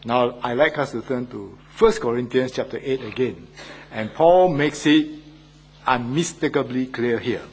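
A man's voice: medium pitch, unhurried, husky. An older man, a church elder, preaching an earnest sermon and asking his listeners questions. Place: Australia.

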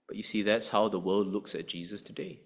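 A man preaching a sermon, addressing his listeners directly with an animated delivery. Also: fairly quick, vocal fry. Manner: animated preaching, rising and dropping in pitch and volume.

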